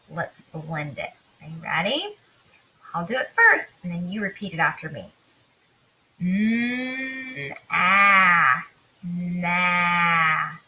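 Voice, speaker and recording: Woman teacher for a kids' phonics lesson, slow and clear, brightish voice, faint hiss on the recording. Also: lowish voice, poor audio. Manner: slow, warm sing-song teacher talk, drawing out letter sounds. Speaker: kindergarten teacher. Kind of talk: remote phonics lesson for young children.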